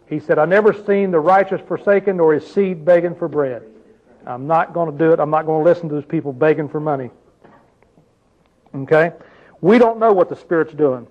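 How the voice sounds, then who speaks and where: High-voiced older man preaching a sermon. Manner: conversational preaching with rhetorical questions. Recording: dull lo-fi recording.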